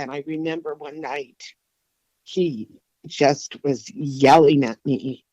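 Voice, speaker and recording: A middle-aged woman answering interview questions candidly, reflective and halting, with frequent restarts. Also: rumbling low, dark tone, no echo, dull audio. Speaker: guest sharing her testimony.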